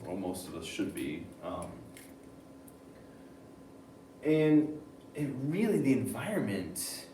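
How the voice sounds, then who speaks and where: A male teacher giving a reading lesson, reading passages aloud and thinking out loud about them. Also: fairly low pitch, a little hiss or hum. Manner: animated, switching between reading aloud and thinking aloud. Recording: roomy sound, mic at a distance, faint ambience.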